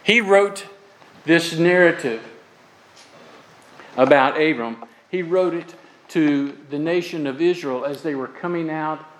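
A man's voice: fairly high pitch, slow pace, pauses often, rough recording. A man from Florida preaching a sermon as pastor, earnest and emphatic, telling folksy stories with humor. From Florida, USA.

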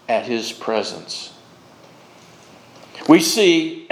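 A male pastor preaching a sermon with slow, emphatic delivery and dramatic pauses. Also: on the high side. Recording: echoey room sound.

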